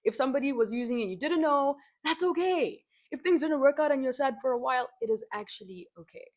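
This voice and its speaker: Young zimbabwean woman, higher voice, frank vlog talk, animated, slangy. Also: quick pace. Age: young adult. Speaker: vlogger. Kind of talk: candid opinion vlog. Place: home, by a window.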